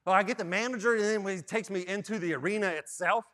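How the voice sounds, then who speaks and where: A young man, a student ministry director, telling a funny story in a sermon, animated and self-mocking, often tagging his lines with "right?". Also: high-pitched, quick pace.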